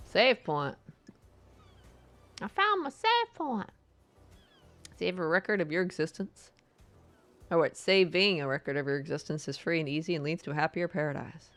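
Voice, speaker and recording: A woman's voice: low voice, fairly even intonation, fairly quick, faint music behind. A woman streaming a game, giving casual, sarcastic and playful commentary that mocks the game.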